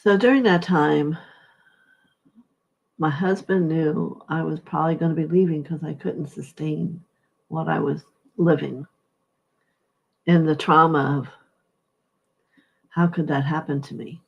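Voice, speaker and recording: A middle-aged woman gives a heartfelt spiritual testimony, pausing often as she speaks. Her voice is husky and unhurried. The recording sounds dull and lo-fi. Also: deep voice, fairly even intonation. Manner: slow, halting, heartfelt, soft-spoken.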